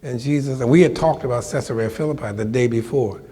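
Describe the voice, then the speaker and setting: An older man telling a story from his life to a live audience, animated and colloquial, acting out the voices of the people in it. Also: mid-range voice, quick pace, few pauses, slightly rough, big-room sound. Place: lecture hall before an audience.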